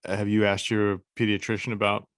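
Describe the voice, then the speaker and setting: A man co-hosting a podcast, chatting in a relaxed, agreeable way and chuckling along. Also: lowish voice, brisk, clear, resonant tone, dry recording, studio quality. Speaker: podcast co-host. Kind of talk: casual chat.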